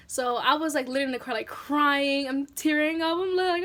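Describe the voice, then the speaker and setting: A woman vlogger telling a personal story in a casual, animated, slangy way. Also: sits high, normal speed, few pauses.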